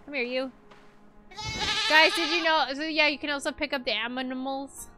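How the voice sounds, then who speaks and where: A woman's voice: sits high, steady tone, brisk, over music. A woman streaming a video game, chatty and giggly, talking to her viewers. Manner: chatty, giggly, talks to chat. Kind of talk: casual game livestream commentary.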